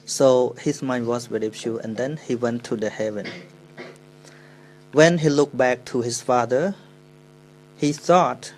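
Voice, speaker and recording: A monk with a Cambodian accent, a native Khmer speaker, giving a dharma talk in halting English, telling a story with pauses and self-corrections. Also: male voice, mid-range voice, darkish tone, slight background noise, rough recording.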